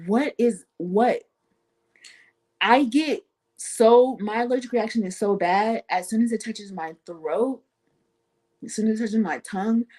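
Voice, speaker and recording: On a talk show, a woman guest with a medium-pitched voice relates something from her own life. Her delivery is casual and lively, and she imitates the voices of the people she quotes.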